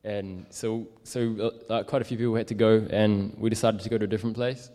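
A man's voice: on the low side, level tone, brisk, mellow. Rambling young man in echoey hall. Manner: rambling, many fillers and likes. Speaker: street evangelist. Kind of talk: casual storytelling.

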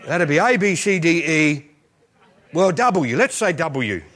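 A man's voice: on the high side, big pitch swings, slow pace, fairly bright tone. A male pastor preaching a sermon as a comic, self-mocking story, often laughing through his lines.

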